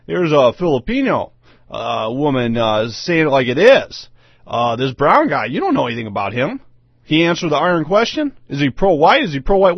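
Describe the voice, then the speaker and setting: Male host, emphatic monologue, lively pitch, a bit high, dull dry lo-fi recording. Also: moderate pace, no echo. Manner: emphatic, repetitive rhetorical questions. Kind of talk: solo opinion monologue.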